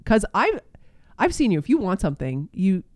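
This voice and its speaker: A woman's voice: medium pitch, big pitch swings, moderate pace, a little mellow, no room sound. A woman co-hosting a faith podcast, speaking in an encouraging, affirming way. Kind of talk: faith-based casual chat.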